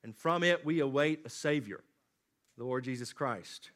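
A man preaching a sermon, swinging from loud emphatic lines to low, quiet drops. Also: normal speed. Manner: dynamic preaching, rising emphatic then dropping low and quiet. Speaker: pastor.

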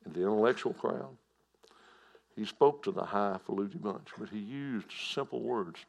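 Gravelly male preacher, hushed to booming. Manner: folksy preaching with repetition and swings from hushed to loud. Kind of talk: sermon.

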